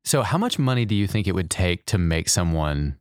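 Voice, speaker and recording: Joking podcast host, man, very low voice, dry close recording. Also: big pitch swings, brisk, darkish tone, no echo. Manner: playful, joking questions. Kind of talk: casual interview chat.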